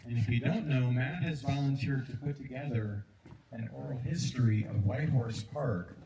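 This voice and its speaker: A man emceeing a memorial, introducing speakers in a brisk, friendly way. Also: mid-range voice. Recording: echoey, distant, with background noise.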